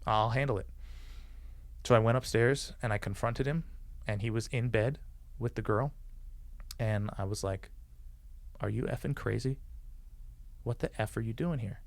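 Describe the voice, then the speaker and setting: A man with a gravelly, creaky voice recounts a story as a podcast guest. He is animated and acts out the people he quotes, with frequent swearing. The sound is dry and close, with no room echo. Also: mid-range voice, normal speed, long pauses. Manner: swears freely. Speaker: podcast guest, former police officer. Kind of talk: casual storytelling.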